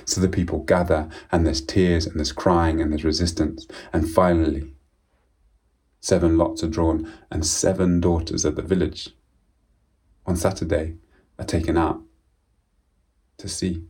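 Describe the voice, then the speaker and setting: A man telling a folk tale aloud in a measured, solemn way, often dropping to a quiet voice. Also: deep voice, little pitch movement. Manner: slow, measured and solemn with repetitions. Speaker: storyteller. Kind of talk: oral storytelling of a folk tale.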